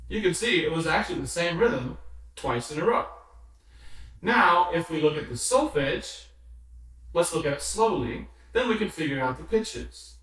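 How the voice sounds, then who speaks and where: A man's voice: on the high side, lively intonation, moderate pace, fairly bright tone. A man teaching a music lesson, patiently explaining notes, rhythms and solfege, sometimes chanting or singing them. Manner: patient, counts rhythms and sings solfege aloud. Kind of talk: slow instructional explanation. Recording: very echoey room, somewhat distant mic.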